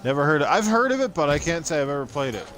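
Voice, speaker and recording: A man's voice: fairly high pitch, big pitch swings, rapid-fire, fairly bright tone, a little hiss or hum. A man from Newfoundland hosting a podcast, joking crudely and swearing freely while playing a video game. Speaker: podcast host. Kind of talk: casual gaming chat while playing.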